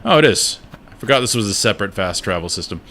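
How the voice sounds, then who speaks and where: A male streamer talks through his game casually, thinking aloud and muttering as he plays. His voice is low but bright and forward. A faint hum of noise sits under it. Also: expressive, fast talker. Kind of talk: casual gameplay commentary.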